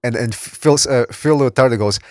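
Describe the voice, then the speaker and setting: A man hosting a boxing podcast in casual chat, blunt and quick to swear and laugh. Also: mid-range voice, very noisy. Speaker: podcast host.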